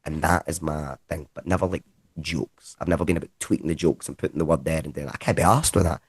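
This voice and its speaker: A Scottish comedian with a very low voice, talking about his career in loose, lively anecdotes. His speech is casual and peppered with swearing. The sound is close and dry, with no room echo. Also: fast talker, slightly rough. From Scotland. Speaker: comedian guest. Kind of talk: casual conversational storytelling.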